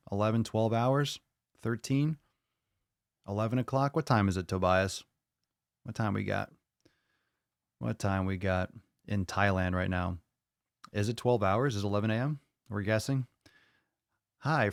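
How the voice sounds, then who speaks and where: A low-ish American male voice with vocal fry and long pauses, at normal speed, comes through studio-clean with no echo. He's the host of a live-streamed fitness podcast, talking casually and hyped-up with viewers, cursing freely and repeating himself.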